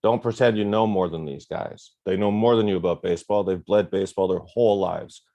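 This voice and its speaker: A man, a guest on a podcast, telling self-deprecating stories in a lively, casual way. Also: low-pitched, fairly quick, vocal fry, highs cut off. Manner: animated, self-deprecating anecdotes with quoted dialogue. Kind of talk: casual storytelling.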